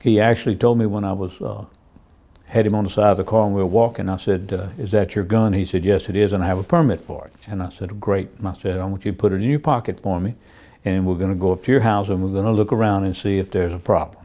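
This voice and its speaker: Lower-pitched male cop telling case stories for a crime interview, plainly told, voicing the exchanges. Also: steady tone, quick pace, dark tone, a little hiss or hum. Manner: plain storytelling, acts out quoted dialogue. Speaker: police officer. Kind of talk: true-crime interview recounting cases.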